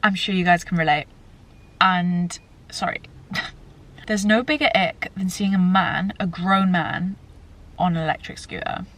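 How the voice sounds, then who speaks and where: A woman's voice: on the low side, measured pace, pauses often, a bit bright. A young woman with a British accent, chatting casually to her camera in a rambling vlog style. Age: young adult. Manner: chatty and rambling, frequent "like" and "genuinely". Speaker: vlogger.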